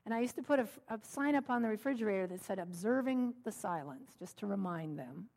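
A middle-aged woman minister preaching in a relaxed, storytelling way. Her voice sits in an ordinary middle pitch, and she mixes gentle jokes in with her teaching. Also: fast talker, creaky. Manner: warm storytelling with gentle humor. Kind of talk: sermon.

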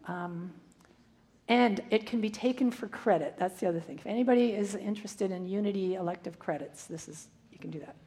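A woman closing an inspirational spiritual talk, calm, slowing down for her final words. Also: mid-range voice.

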